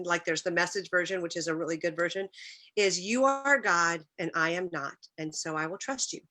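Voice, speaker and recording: A woman's voice: mid-range voice, bright, forceful tone. A middle-aged woman giving an earnest, personal faith talk, telling stories and sometimes growing emotional. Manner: earnest, emotional, occasional restarts. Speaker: speaker at a church talk.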